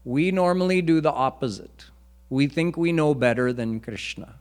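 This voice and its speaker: A man's voice: on the high side, lively intonation, moderate pace, darkish tone. A man preaching a devotional lecture in a temple, teaching earnestly and chanting Sanskrit verses. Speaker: swami preacher. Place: temple hall.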